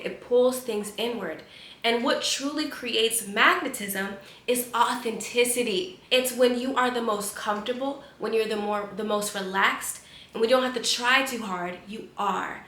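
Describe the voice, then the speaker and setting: A woman's voice: a little high, sharp tone, reverberant. A woman spiritual coach giving an emphatic, preachy motivational talk with lots of repeated phrasing.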